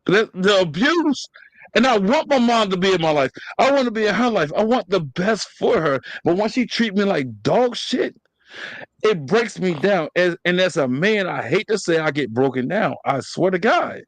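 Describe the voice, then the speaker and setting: A man's voice: sits high, animated, normal speed, no room sound. A man on a podcast talking openly and emotionally, swearing often and cutting in on others. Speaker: podcast co-host. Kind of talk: candid podcast chat.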